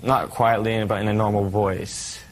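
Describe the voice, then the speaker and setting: A man's voice: lowish voice, little pitch movement, normal speed, slight background noise. A young man testifying in court, giving terse, mumbled short answers. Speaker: litigant.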